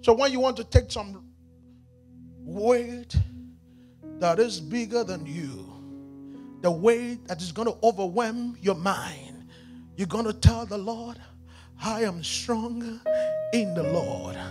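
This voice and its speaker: A male pastor with a Nigerian accent preaching a sermon in a church, moving between hushed passages and shouted, sing-song calls to the congregation. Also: high-pitched, lively intonation, takes it slowly, long pauses, over music.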